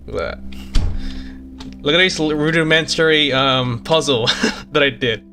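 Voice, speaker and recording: A man streaming as a VTuber, who is also a game developer, chats casually and chuckles often while showing off games he made. He repeats himself and trails off mid-sentence in this relaxed live-stream commentary. His voice is a little high, measured in pace, pushed and bright, with faint music behind.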